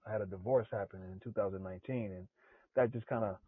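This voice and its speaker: Low-voiced husky male guest, earnest and repetitive, tinny dry phone-line sound. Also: fairly even intonation, no room sound. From South Central Los Angeles. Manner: earnest, repeats himself, halting. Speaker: podcast guest. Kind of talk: casual personal storytelling.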